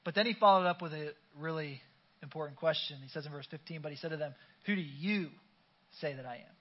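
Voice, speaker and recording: A man's voice: on the high side, fast, muffled recording. A pastor preaching a conversational sermon to his congregation, urging them to call back their response. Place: church sanctuary.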